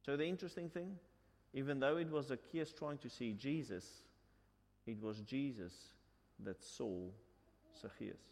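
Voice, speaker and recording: A man's voice: medium pitch, a little slow, vocal fry, a little mellow. A man preaching a sermon. He tells the story, asks the listeners questions, and repeats his points in two languages. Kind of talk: bilingual sermon. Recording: long hall reverb.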